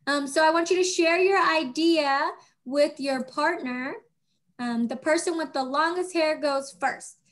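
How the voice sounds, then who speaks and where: A high-voiced woman teaches young children over a video call. She speaks slowly and clearly, staying patient and encouraging throughout.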